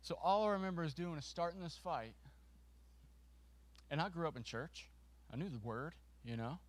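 A man preaching to a congregation, telling a funny story with a volunteer on stage, lively and self-mocking. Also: fairly high pitch. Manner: lively and self-mocking, with quick restarts and laughter.

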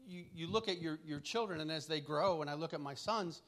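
A middle-aged man preaching a relaxed, conversational sermon, telling family stories with chuckles and frequent restarts. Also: a little high, brisk.

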